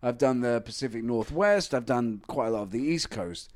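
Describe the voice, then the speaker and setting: Lively chatty man with an English accent. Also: mid-range voice. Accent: English, London. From England. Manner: animated, chatty, quick asides. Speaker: podcast guest. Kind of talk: casual chat.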